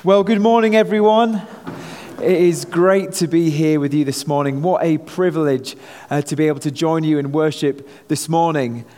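A man's voice: on the high side, fairly even intonation, normal speed, warm tone. British man preaching in a reverberant hall. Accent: Manchester English. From England. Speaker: visiting missionary pastor. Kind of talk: sermon.

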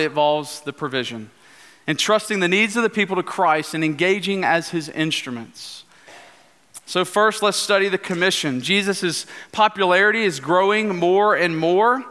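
Man pastor preaching, bright slightly high voice, big church reverb. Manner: earnest preaching, slowing into hushed prayer. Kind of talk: sermon. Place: church sanctuary.

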